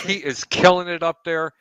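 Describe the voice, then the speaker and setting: A man banters on a sports talk show, teasing and animated. His voice is bright and forceful, and it sounds dry and close on a studio mic. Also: sits high, unhurried, clean tone, dry recording. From Chicago area. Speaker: co-host.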